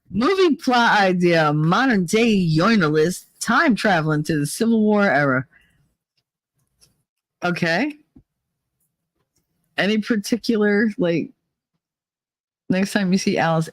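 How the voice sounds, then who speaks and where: A woman's voice: lowish voice, no echo. Middle-aged woman streamer, playful, teasing, laughing often, dry close mic. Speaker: livestream host. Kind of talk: casual chat with live chat.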